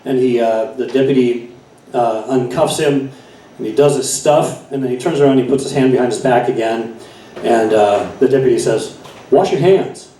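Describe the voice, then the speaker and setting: Mid-range and mellow, this comedian's voice keeps a steady tone at normal speed, with slight background noise. The middle-aged man meanders through a bar stand-up set, full of fillers and fixes, captured distantly in an echoey room.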